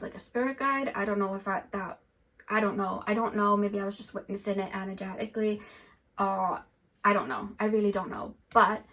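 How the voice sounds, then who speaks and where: A woman giving a casual, rambling tarot card reading to her viewers. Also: medium pitch. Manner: rambling and animated, filler-heavy. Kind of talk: casual spiritual reading to camera.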